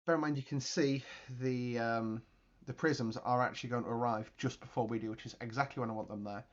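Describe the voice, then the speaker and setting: Guy rambling over his flight sim footage, excitable, goes boom boom, average pitch. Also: fairly quick, muffled recording. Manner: chatty, excitable, makes explosion noises and laughs. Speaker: video game channel host. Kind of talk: casual gameplay commentary.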